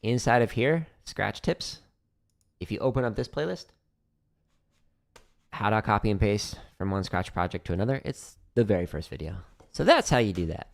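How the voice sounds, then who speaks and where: A man's voice: lowish voice, normal speed, gravelly, pauses often. A man hosting a casual livestream Q&A from his home drum studio, explaining rudiments between practice runs and laughing easily. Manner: relaxed, laughs often, hums drum patterns. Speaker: drumming teacher streaming practice.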